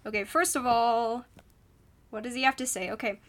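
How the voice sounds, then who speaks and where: A woman's voice: fairly high pitch, steady tone, moderate pace, a bit bright. A woman co-hosting a podcast in casual chat, rambling with many ums and frequent giggles. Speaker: podcast co-host.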